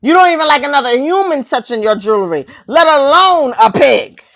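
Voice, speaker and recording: A woman's voice: high voice, expressive, brisk, vocal fry, a bit bright. A woman delivering a confrontational, preachy rant to camera, mocking her targets and firing off rhetorical questions and repeated lines.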